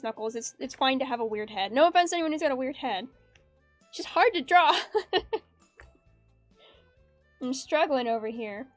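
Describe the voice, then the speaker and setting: A woman's voice: sits high, no echo. A woman streaming her art, chatting casually in a rambling, giggly way and reading chat aloud. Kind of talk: casual chat while drawing. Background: faint background music.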